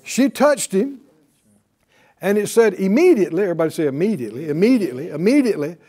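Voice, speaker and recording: Emphatic high-voiced male Bible teacher. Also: sing-song, fast talker, warm tone, breathy edge. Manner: emphatic, repeats key words, calls for responses. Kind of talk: preaching-style Bible class.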